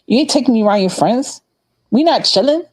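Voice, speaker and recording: Animated middle-aged woman telling a story. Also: on the high side, a little fast, breathy edge, no room sound. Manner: animated, laughing, acts out voices. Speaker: podcast co-host. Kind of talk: casual storytelling chat.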